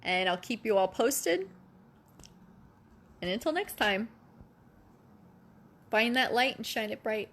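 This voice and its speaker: A woman's voice: on the high side, expressive, takes it slowly, pauses often. A mother speaking earnestly and emotionally to other parents, pleading and repeating herself for emphasis, close to tears. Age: adult parent of a child. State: near tears. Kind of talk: emotional personal address.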